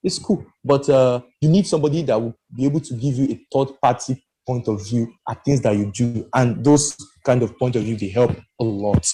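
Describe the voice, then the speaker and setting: Mellow man talking animatedly. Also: medium pitch, moderate pace, few pauses, breathy edge, rough recording. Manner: animated and emphatic, rambling with restarts. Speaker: podcast panelist. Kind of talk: casual discussion.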